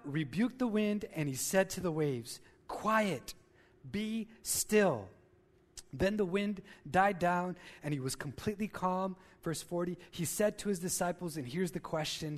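A man preaching a sermon as a pastor in a church, telling stories in an animated way and acting out the voices. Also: high-pitched, big-room sound. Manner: animated storytelling, acts out screams and quotes. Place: church sanctuary.

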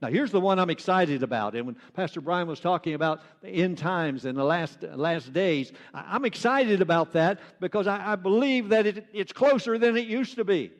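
A man's voice: high voice, lively intonation, normal speed, hardly any pauses, long reverb tail. A man preaching a sermon as pastor, earnest and repeating phrases for emphasis.

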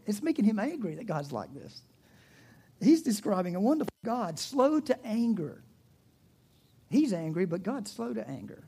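A man's voice: high voice, animated, a little slow, long pauses, dark tone, breathy edge. A man with a Southern US accent preaching a sermon, retelling a story in a chatty, humorous way with asides and restarts. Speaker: pastor.

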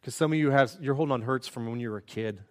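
A man's voice: mid-range voice, fast. Earnest, conversational male pastor preaching. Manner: earnest and conversational, with self-deprecating asides. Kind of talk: sermon.

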